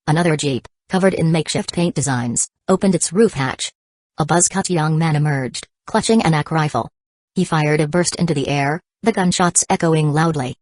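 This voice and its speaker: Woman, audiobook narration, low voice, even delivery, dry sound. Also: moderate pace, dry recording. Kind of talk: scripted narration.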